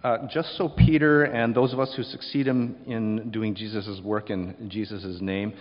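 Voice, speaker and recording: A man's voice: lowish voice, fairly even intonation, a little slow, highs cut off. Man preaching in an echoey hall. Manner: preaching with acted quotes, sudden loud emphasis then dropping quiet. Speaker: pastor. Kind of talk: sermon.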